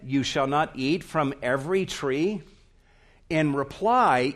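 A man preaching a teaching sermon, deliberate and emphatic, letting his voice drop low at the ends of phrases.

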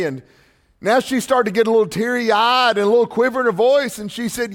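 A man's voice: high voice, normal speed, big-room sound. A man, a pastor preaching a sermon in a church and telling folksy stories. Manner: folksy storytelling with crowd surveys. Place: church sanctuary.

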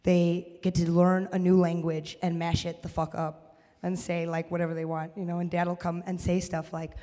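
A woman performing a stand-up comedy set, animated and breaking into loud shouted bits. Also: on the low side, normal speed. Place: live comedy venue with audience. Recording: live room with long reverb.

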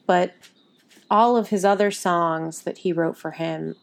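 A woman's voice: fairly low pitch, measured pace, creaky. A woman co-hosting a casual podcast about musical theatre, chatty and full of fillers, often acting out quotes. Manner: chatty, many fillers, animated quoting. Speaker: podcast co-host.

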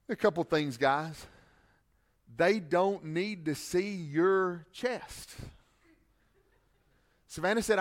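A middle-aged pastor delivers a sermon in a relaxed, folksy manner, trading scripture for humorous asides. He talks like a father giving advice, and his voice sits high for a man. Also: a little slow, pauses often.

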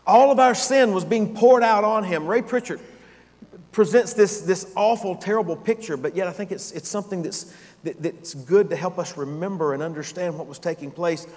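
A man preaching a sermon, building to loud emphatic phrases and dropping to hushed, near-whispered lines. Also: high voice, normal speed. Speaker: pastor. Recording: long hall reverb.

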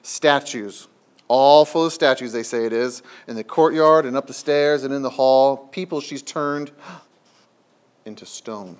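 A man's voice: mid-range voice, measured pace, smooth, lightly acted. A man voicing a talkative, gloomy male beaver while reading a storybook aloud.

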